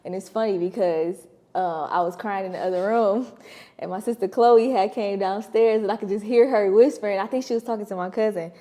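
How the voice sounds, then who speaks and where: A woman's voice: medium pitch, fairly even intonation, brisk, warm tone. A woman co-hosting a podcast, chatting candidly in slangy casual speech and laughing through her stories. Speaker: podcast co-host. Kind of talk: casual chat.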